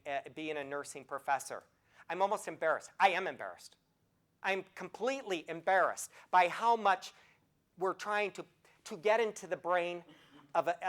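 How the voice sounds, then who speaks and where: A woman in her sixties, a nursing professor, giving a health talk to an audience as an animated storyteller who asks her listeners direct questions. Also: lowish voice.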